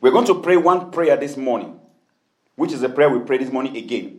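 A man's voice: medium pitch, animated, fairly quick, roomy sound, poor audio. A man preaching a sermon as pastor, with repeated amens and hallelujahs, then leading the congregation in prayer and speaking in tongues. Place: church hall.

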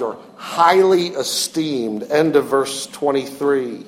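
Animated high-voiced male preacher. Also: takes it slowly, hardly any pauses. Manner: earnest, expressive preaching with frequent restarts. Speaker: pastor. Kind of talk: sermon.

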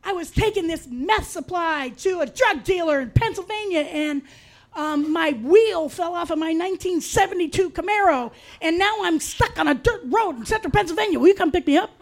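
A woman's voice: very high voice, expressive, moderate pace, voice pushed up. A woman voicing a reckless young woman who is always in trouble, pleading breathlessly for help.

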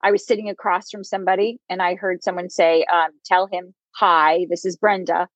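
A woman in her fifties, a psychic medium, telling her own life story as an interview guest, candid and quick to laugh. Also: fairly low pitch, flat delivery, no echo. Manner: candid, laughs often while telling stories. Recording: dull, dry lo-fi recording.

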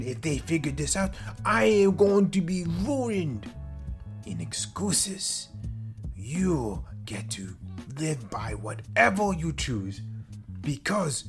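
A man's voice: a little high, vocal fry, pitched above the performer's own voice, full character voice. A man playing a sly maître d' with a wobbly put-on accent. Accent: put-on blend of Louisiana, French and Eastern European. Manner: theatrical, savoring, mock-seductive upselling. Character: smooth, sly male restaurant maître d' hosting a buffet of excuses.

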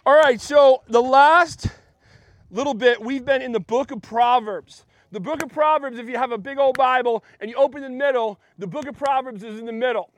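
A man's voice: very high voice, normal speed, no echo. A man preaching a casual sermon in a church, chatty and joking with the congregation. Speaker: pastor.

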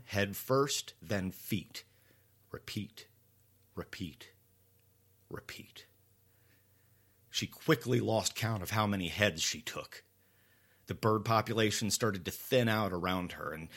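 A man narrating a scripted horror story, dramatic and deliberate, dropping to a hush at tense moments. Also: deep voice.

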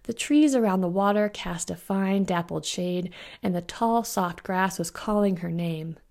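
A woman, the author, reading her own fantasy novella aloud in an even, unhurried storytelling manner. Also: lowish voice, gravelly. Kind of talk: audiobook-style fiction narration.

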